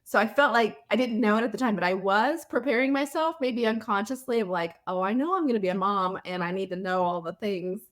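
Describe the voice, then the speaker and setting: Hesitant mom on a podcast. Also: female voice, medium pitch, a little fast, hardly any pauses, fairly bright tone. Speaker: podcast guest, mother. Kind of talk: casual conversation.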